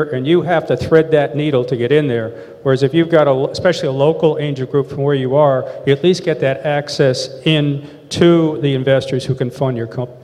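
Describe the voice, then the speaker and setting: A man's voice: on the high side, steady tone, brisk, darkish tone. A man speaking as an investor on a panel, making his points emphatically. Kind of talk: panel discussion. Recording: long hall reverb.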